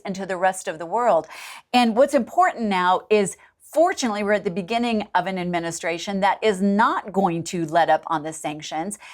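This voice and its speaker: A woman with a Middle American accent co-hosting a political talk show, animated and repeating phrases for emphasis. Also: medium pitch. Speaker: co-host.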